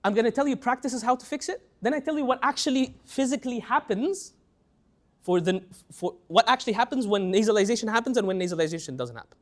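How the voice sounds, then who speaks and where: A young man teaching a tajweed class in a lively lecture style, often repeating words and breaking off to chant slow example phrases. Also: very high-pitched.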